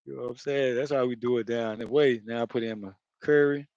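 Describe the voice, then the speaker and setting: A man's voice: medium pitch, steady tone, quick pace, hardly any pauses, darkish tone, no echo, lo-fi sound. A man with a Florida accent chatting loosely while he cooks, rambling, laughing and swearing as he goes. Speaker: home cook. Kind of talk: casual cooking vlog talk.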